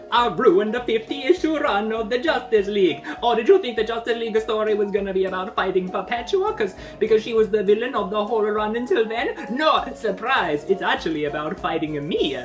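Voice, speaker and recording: A woman voicing a male clown villain with a deliberately bad fake Italian accent, loud, high and cartoonish. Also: lively intonation, distant mic, close to an everyday voice. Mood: gloating. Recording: voice over background music.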